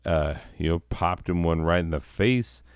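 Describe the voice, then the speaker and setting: A man's voice: low voice, measured pace, clear, resonant tone, no room sound, studio quality. A man hosting a comedy podcast, telling a rambling, profane story full of asides and self-corrections. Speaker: podcast host.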